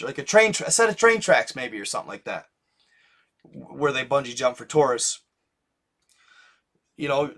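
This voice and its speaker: A man's voice: fairly high pitch, a bit bright. A young man hosting his channel, rambling casually in profane slang full of restarts. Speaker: channel host.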